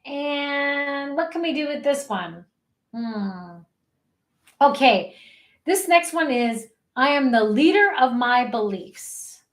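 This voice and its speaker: Upbeat female life coach, high voice, encouraging, webcam in an echoey room. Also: lively intonation, slow pace. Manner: upbeat, encouraging, leads chanted affirmations. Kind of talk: energetic online coaching session.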